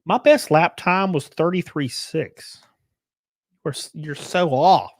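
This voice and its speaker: A man's voice: fairly high pitch, takes it slowly, no echo, studio quality. A young man chatting casually on a live stream, thanking viewers for donations in a loose, rambling way. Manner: loose, chatty, mumbles and hums while reading.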